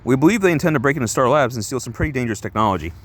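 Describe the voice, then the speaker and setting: A man reading a stern, manipulative female government handler's comic lines aloud in a brisk, businesslike way. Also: medium pitch, expressive, a bit bright, voice pushed up. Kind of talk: comic book read-aloud.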